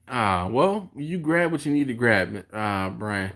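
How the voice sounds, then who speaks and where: Animated man chatting on a barbecue livestream. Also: slow, hardly any pauses. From Philadelphia. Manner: animated, jumps in pitch when quoting others. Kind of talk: casual live chat reading viewer comments. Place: home, live stream.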